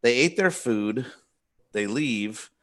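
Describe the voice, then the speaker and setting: A man spins a story on a casual hobby podcast, rambling and restarting as he goes. His voice sits at an ordinary middle pitch, and he is easygoing and chatty. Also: takes it slowly. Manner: rambling, animated retelling with many restarts. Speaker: podcast co-host.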